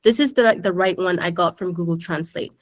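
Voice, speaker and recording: A woman's voice: on the low side, a little fast. Chatty woman teaching a class. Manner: chatty, keeps addressing the class. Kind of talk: casual screen-share tutorial.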